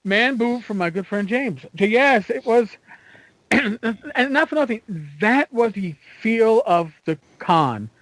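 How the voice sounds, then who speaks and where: A man's voice: sits high, no room sound, poor audio. A man co-hosting a podcast, telling stories in casual chat with lots of fillers and restarts. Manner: animated storyteller, halting with fillers. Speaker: podcast co-host.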